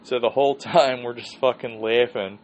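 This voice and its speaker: This podcast host has a medium-pitched voice with a steady tone and moderate pace. He tells a rambling, swear-heavy story casually and laughs often, and the recording sounds dull and lo-fi with a faint hiss.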